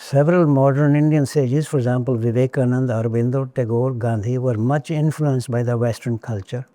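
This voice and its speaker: Mellow-voiced man giving a measured lecture. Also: medium pitch, fairly even intonation, dry recording. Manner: measured, deliberate delivery with wry asides. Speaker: lecturer on spiritual traditions.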